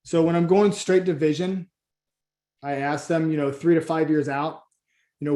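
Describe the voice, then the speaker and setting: A man runs a coaching session in a casual, rambling way. He plays out little exchanges with a client and often stops to restart a sentence. His voice sits a touch high with a mellow, soft-edged tone, and the room around him is echoey. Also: fairly even intonation, moderate pace, pauses often. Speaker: Christian business coach.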